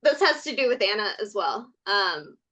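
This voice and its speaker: A woman from California, a podcast guest, telling stories in a lively, casual way, laughing often and saying "like" a lot. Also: mid-range voice, normal speed. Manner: animated, laughs often, many "like" fillers. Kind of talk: casual storytelling chat.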